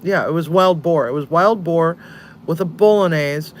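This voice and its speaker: A man's voice: a little high, normal speed, slight background noise. A man hosting a cooking channel, chatting casually, tired, swearing now and then and laughing often. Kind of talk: casual chat.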